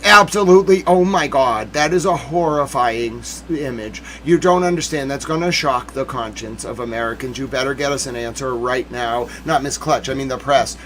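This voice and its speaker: A man's voice: mid-range voice, moderate pace, few pauses, fairly bright tone, slight background noise. A man hosting a livestream news commentary, ranting indignantly and demanding answers.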